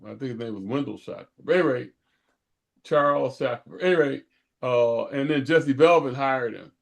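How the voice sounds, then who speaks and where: An older man, a podcast co-host, chatting casually in a halting way full of restarts. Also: medium pitch, creaky. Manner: halting, many restarts and fillers. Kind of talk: casual chat.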